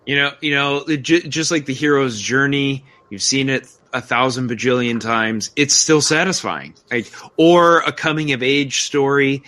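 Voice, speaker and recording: A man's voice: medium pitch, normal speed, few pauses, bright, forceful tone. A man co-hosting a podcast, giving his take in a rambling, enthusiastic casual chat. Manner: enthusiastic, rambling, self-interrupting. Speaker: podcast co-host. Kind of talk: casual film review chat.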